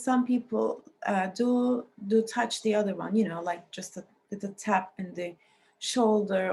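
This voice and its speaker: Woman lecturer with a scratchy, mellow voice. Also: medium pitch, gravelly. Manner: explanatory, with frequent restarts and non-native phrasing. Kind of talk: recorded university lecture.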